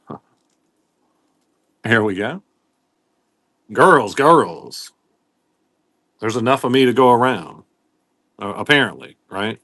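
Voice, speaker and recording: A man's voice: medium pitch, expressive, takes it slowly, pauses often, a bit bright, no room sound, clean studio sound. A man hosting a live-stream pin sale in casual, rambling chat, greeting viewers by name as he goes.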